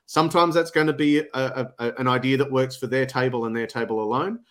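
A man's voice: medium pitch, fairly even intonation, a bit bright. A man, a podcast guest chatting casually on a video call and often restarting his sentences. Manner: halting, many restarts and fillers. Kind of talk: casual chat.

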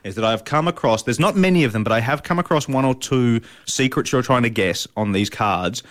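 A man's voice: medium pitch, a little fast, fairly bright tone. Chatty man reviewing board games. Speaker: podcast co-host. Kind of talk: casual chat.

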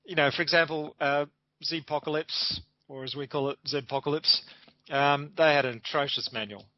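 A man's voice: fairly high pitch, quick pace, dry recording. A middle-aged man, a graphic designer, answering interview questions in an enthusiastic, chatty way with frequent ums. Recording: dull lo-fi dry sound.

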